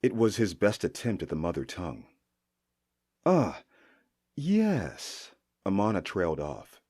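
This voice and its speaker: A man narrating a fantasy audiobook with expressive storytelling. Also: deep voice, brisk.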